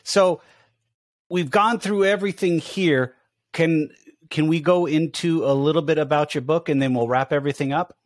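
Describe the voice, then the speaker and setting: A man's voice: a little high, moderate pace. A man hosting a casual podcast interview, cutting in with short, friendly remarks. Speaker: podcast host.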